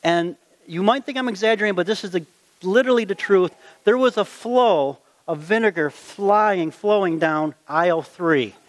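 Animated middle-aged man telling a story. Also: high voice, moderate pace. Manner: animated, folksy storytelling with acted-out quotes. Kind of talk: personal anecdote, told aloud.

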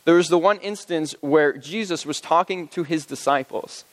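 Pastor with a fairly high voice in a reverberant hall. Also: male voice, moderate pace. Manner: relaxed conversational retelling with fillers. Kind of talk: sermon.

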